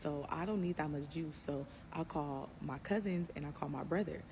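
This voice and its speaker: Gravelly woman telling a story. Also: low voice, moderate pace, background noise. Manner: emphatic, repeats herself for effect. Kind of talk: animated storytime.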